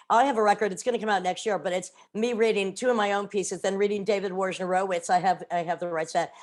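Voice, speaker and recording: A woman hosting a podcast, chatting casually with guests, often jumping in and laughing. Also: medium pitch. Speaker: podcast host. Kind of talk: casual interview chat.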